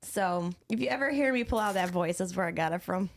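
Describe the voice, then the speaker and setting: A woman's voice: fairly low pitch, brisk, vocal fry, a little hiss or hum. A woman co-hosting a casual live chat show, giggly and rambling. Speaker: co-host.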